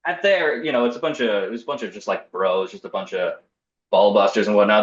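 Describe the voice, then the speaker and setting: A man's voice: on the low side, brisk. A young man casually telling a personal story in a wry, self-deprecating way, acting out what people said. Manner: wry, self-deprecating, acts out quoted voices. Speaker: storyteller guest. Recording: roomy, slightly dull podcast audio.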